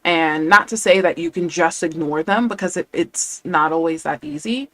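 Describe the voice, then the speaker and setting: A woman's voice: sits low, normal speed, no room sound. A woman talking as a language coach in a casual live stream, chatty and enthusiastic, often quoting her students.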